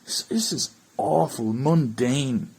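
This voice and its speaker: A man's voice: mid-range voice, takes it slowly, vocal fry, darkish tone, husky, poor audio. An Irish man hosting a football fan channel, ranting bluntly about a bad match and swearing in frustration. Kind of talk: ranting match review to camera.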